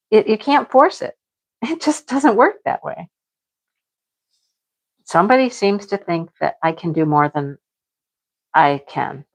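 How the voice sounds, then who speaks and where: A middle-aged woman hosting a livestream, chatting casually with viewers and venting frankly, laughing now and then. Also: mid-range voice. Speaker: livestream host. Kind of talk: casual chat with live viewers.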